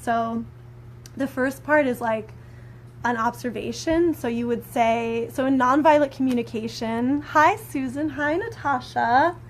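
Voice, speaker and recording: A woman's voice: high voice, a little slow, a little hiss or hum. A woman chatting casually in a live stream, rambling with lots of fillers, teaching about communication. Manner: rambling, filler-heavy, conversational; animated when acting out quoted anger. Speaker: spiritual teacher and prayer practitioner.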